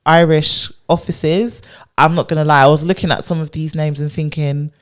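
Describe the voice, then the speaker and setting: Woman podcast co-host with a low pitch, chatty and emphatic. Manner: animated, emphatic, quick to agree. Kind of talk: casual chat.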